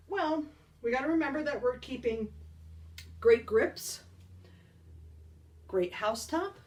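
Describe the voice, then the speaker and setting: A woman's voice: a little high, darkish tone, distant mic. A woman band teacher giving a beginner percussion lesson, upbeat and encouraging, counting beats aloud.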